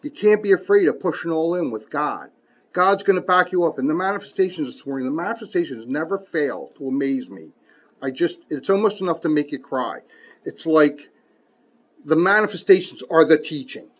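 A male preacher with a fairly high voice who leans hard on key words and reads old scripture in a measured, emphatic way. Between readings he drops into relaxed, folksy asides. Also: breathy edge. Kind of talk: sermon.

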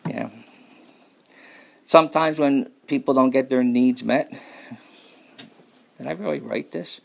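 Gravelly folksy preacher man. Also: medium pitch, takes it slowly. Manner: folksy, joking, preaching to a congregation. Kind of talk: sermon.

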